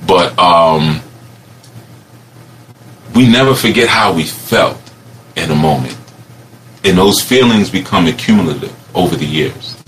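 A man with a very low voice and a forceful, bright edge tells a reflective personal story. His delivery is rambling and animated, and he laughs often along the way. Faint background noise sits under his voice. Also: measured pace, pauses often.

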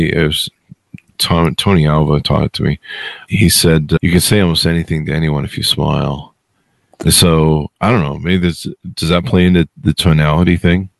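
Male podcast host, very low voice, dry close sound, playful jokey interviewer. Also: no echo. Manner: joking, teasing. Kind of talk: casual interview chat.

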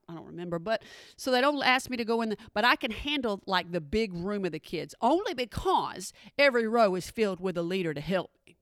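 A woman's voice: medium pitch, a bit bright, clear, resonant tone, no room sound. A woman doing stand-up comedy, sassy, with dry asides. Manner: sassy, dry asides, drops into mimicked voices.

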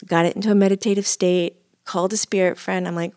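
A woman's voice: medium pitch, normal speed, a little mellow. A woman co-hosting a podcast, telling a story in casual chat and often breaking into laughter. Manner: giggly storytelling, bursts of laughter. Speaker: podcast co-host.

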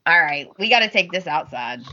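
A woman with a low-sitting voice talks a little fast while co-hosting a podcast that recaps a soap opera. She's animated and casual, laughing often and acting out characters' lines. The audio is dull and lo-fi.

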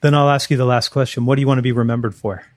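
A man's voice: medium pitch, fairly even intonation, very fast, darkish tone. A man in his forties hosting a podcast, upbeat and conversational, doing interviews and ad reads. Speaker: podcast host. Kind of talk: interview and ad read.

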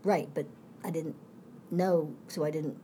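A woman's voice: sits low, steady tone, unhurried, warm tone, slight background noise. A middle-aged woman professor in a conversational interview, speaking reflectively in winding asides.

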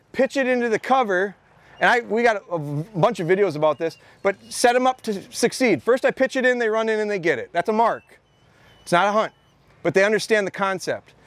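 A man who is a dog trainer giving an energetic, repetitive talk at a live training seminar outdoors. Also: sits high. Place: outdoor expo training area.

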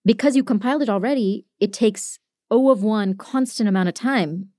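A woman co-host explains code in relaxed, chatty talk, peppering her sentences with filler words and quick asides. Her voice is recorded close and dry, with no room sound. She speaks at a middle pitch. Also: no echo. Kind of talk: casual explanatory chat.

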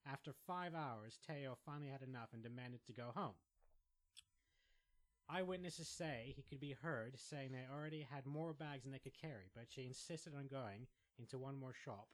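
A man's voice: mid-range voice, normal speed. A man co-hosting a podcast, reading a news story aloud in a laid-back, amused, casual way. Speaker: podcast co-host.

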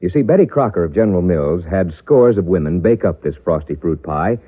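A man announcing a 1950s radio show and reading ads in a smooth, salesy, emphatic way. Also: sits low, expressive, fairly quick. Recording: tinny lo-fi vintage radio broadcast.

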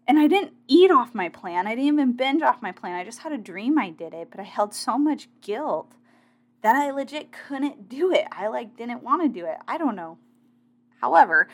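A woman's voice: mid-range voice, fairly bright tone. A woman in a casual motivational monologue, talking directly and chattily to her listeners as a fitness competitor sharing advice.

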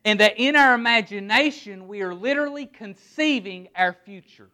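High-voiced man preaching a sermon. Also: normal speed, bright, forceful tone. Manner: emphatic preaching, word-by-word emphasis, rhetorical questions. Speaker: pastor.

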